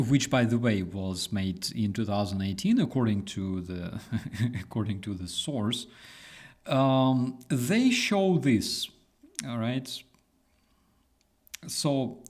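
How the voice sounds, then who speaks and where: Slow-talking man hosting casual commentary. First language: Ukrainian. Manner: relaxed, halting, many fillers and restarts; voices quoted people with exaggerated high-pitched mimicry. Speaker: host.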